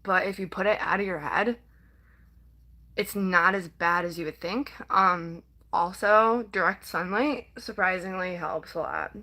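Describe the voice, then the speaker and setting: A woman's voice: fairly low pitch, bright, forceful tone, low-quality recording. A young woman vlogger talking casually to her viewers, rambling with many fillers and sometimes close to tears. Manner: rambling, halting, full of "like" and "um"; emotional, near tears at times. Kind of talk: casual personal talk to camera.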